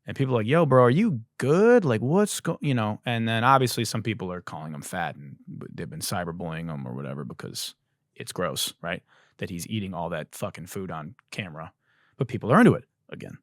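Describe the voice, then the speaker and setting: A man hosting a comedy podcast, riffing on wordplay in a profane, animated monologue, his voice a little hoarse. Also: low-pitched, brisk, no room sound, studio quality. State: slightly hoarse. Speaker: podcast host.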